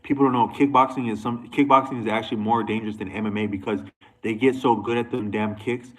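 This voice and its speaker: A man's voice: on the low side, fairly even intonation, quick pace, a bit bright, poor audio. A man talking to camera in a loose, rambling monologue, restarting sentences and going off on asides. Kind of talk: casual monologue.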